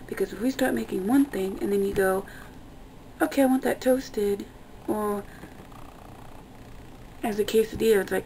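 A young woman vlogging, ranting in an exasperated, profane way with a gravelly voice. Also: medium pitch, moderate pace, pauses often, warm tone, a little hiss or hum, low-quality recording. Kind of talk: casual ranting vlog.

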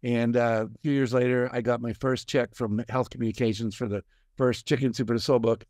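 Older man telling lively stories, dry mic. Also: medium pitch, a little fast, dry recording. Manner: animated storyteller, acts out quoted voices. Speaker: guest, success coach and author. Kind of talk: storytelling in a conversation.

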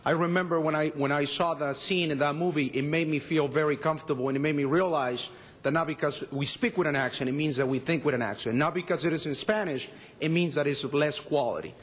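A man's voice: fairly high pitch, fast talker, breathy edge, long reverb tail. A man who works as a news anchor giving an earnest acceptance speech, repeating words as he goes. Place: city council chamber.

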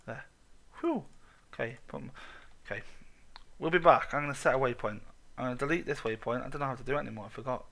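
A man with an excitable, sweary, self-mocking manner, giving let's play commentary on his own game. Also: mid-range voice, vocal fry. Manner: excitable, swears a lot, laughs at himself. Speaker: gaming channel host.

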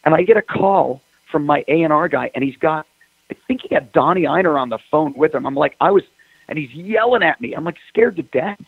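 A man's voice: on the high side, lively intonation, a little fast, vocal fry, husky, no echo. A man, a rock singer, telling stories in a casual interview and acting out phone calls in quoted voices. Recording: dry tinny phone line.

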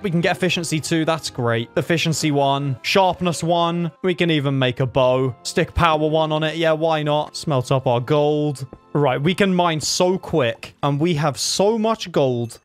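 A man giving excitable gameplay commentary, yelping and laughing at his own game. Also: fairly high pitch. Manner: excitable, yelps and laughs, self-mocking. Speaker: gaming YouTuber.

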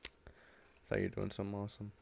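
Gravelly low-voiced gamer guy. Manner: excitable, quick back-and-forth banter. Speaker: co-host gamer. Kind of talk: casual multiplayer game chat.

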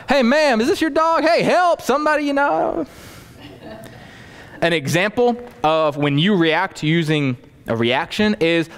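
A man preaching a storytelling sermon to a congregation, animated, acting out scenes and adding folksy asides. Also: fairly high pitch. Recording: long hall reverb.

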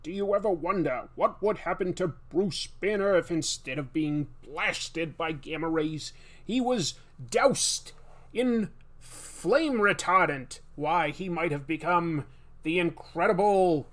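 A man doing a booming old comic-book showman. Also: a bit bright. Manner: booming, drawn-out showman delivery.

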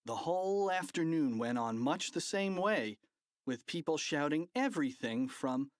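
Children's audiobook narrator, animated, playful, slow pace, dry close sound. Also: mid-range voice, no echo.

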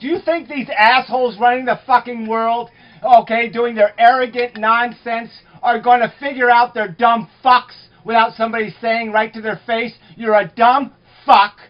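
A woman arguing heatedly, swearing and shouting at the people around her. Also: fairly high pitch, normal speed. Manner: profane, shouting, combative. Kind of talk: heated argument. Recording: muffled lo-fi recording.

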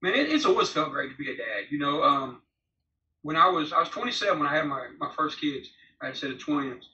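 A man in his forties talks bluntly and rambles through his story, swearing freely in a very bright, forceful voice. He sounds distant and roomy, as if heard over a video call. The sound is a little dull. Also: on the high side, big pitch swings, quick pace. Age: 40s. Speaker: interview guest, former prisoner. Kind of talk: candid storytelling interview. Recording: roomy, distant, slightly dull remote audio.

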